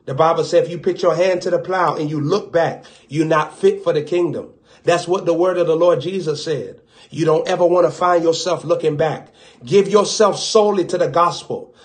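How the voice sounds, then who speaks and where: Man preacher, Southern US accent, fervent sermon delivery that drops to hushed asides, slightly higher voice. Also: moderate pace.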